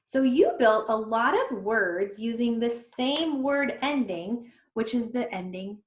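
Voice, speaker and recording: A woman's voice: fairly high pitch, lively intonation, slow pace, slight background noise. A woman teaching a recorded phonics lesson to young children, patiently sounding out each letter one at a time. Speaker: reading intervention teacher. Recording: echoey room.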